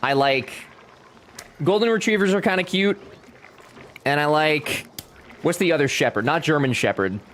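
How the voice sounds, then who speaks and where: Young male streamer, lively banter, animated pitch, faint background hiss. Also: normal speed, long pauses. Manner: chatty, joking, talks back to chat. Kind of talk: casual live-stream chat.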